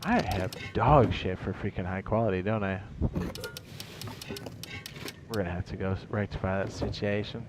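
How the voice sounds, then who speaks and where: A man's voice: low-pitched, normal speed, long pauses, noisy background. A tired man chatting casually while streaming a game, rambling and swearing, laughing at his own jokes.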